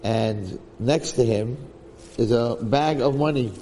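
A man's voice: medium pitch, slow, mellow, in a large hall, a little hiss or hum. A man teaching a Torah class in sermon style, telling a story emphatically and weaving in Hebrew phrases with repeated lines. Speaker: rabbi giving a Torah class.

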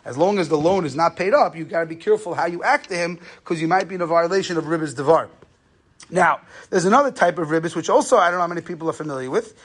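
A man's voice: fairly high pitch, fast. A man giving a conversational Torah lesson on Jewish law, telling stories and using Yiddish and Hebrew terms. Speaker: rabbi lecturer.

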